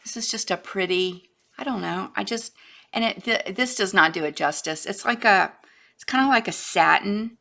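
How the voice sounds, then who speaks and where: Chatty woman with gravelly voice. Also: mid-range voice, normal speed, bright, forceful tone. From Florida, USA. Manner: chatty, rambling, trails off and restarts, drops to a whisper at times. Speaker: craft vlogger. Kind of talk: casual show-and-tell.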